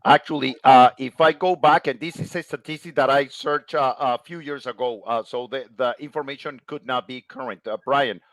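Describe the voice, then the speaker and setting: A man with a fairly high voice, a guest in a casual conversation. He lays out his points by asking questions and answering them. The sound is dry and close. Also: a bit bright, no room sound. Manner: explains with rhetorical questions. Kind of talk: casual chat.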